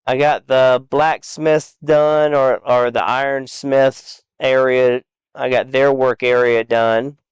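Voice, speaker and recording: A man casually walking through a game build, rambling and halting with fillers. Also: medium pitch, little pitch movement, clean tone, dry recording. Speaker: game streamer.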